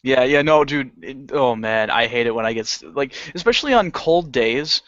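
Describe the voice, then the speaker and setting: A man's voice: medium pitch, expressive, normal speed, fairly bright tone, dry recording. A man co-hosting a casual podcast chat who rambles and laughs often. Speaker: podcast co-host. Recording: dull lo-fi dry sound.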